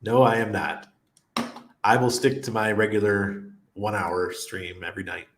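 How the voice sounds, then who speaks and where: A man's voice: lowish voice, steady tone, normal speed, a little hiss or hum. A middle-aged man hosting a casual crypto livestream, reading viewer comments and rambling through anecdotes with frequent laughs. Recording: roomy echo.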